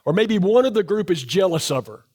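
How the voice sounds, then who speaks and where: A middle-aged man preaching a sermon in a church, asking the congregation question after question, his voice dropping low and soft to drive points home. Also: sing-song, fairly quick, slightly rough. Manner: emphatic, asks the congregation rhetorical questions. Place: church sanctuary.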